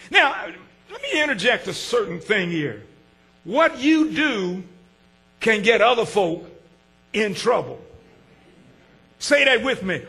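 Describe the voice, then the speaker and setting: Gravelly older preacher, soaring and shouting. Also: male voice, high-pitched. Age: 60s. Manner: call-and-response preaching, swinging from shouts to hushed asides. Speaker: pastor. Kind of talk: sermon.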